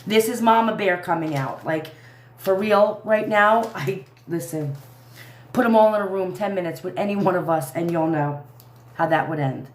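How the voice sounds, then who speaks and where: Woman, angry livestream rant, swearing, halting restarts, echoey room. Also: on the low side. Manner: heated, ranting, swearing, trailing off and restarting. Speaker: livestream host. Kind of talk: angry live commentary.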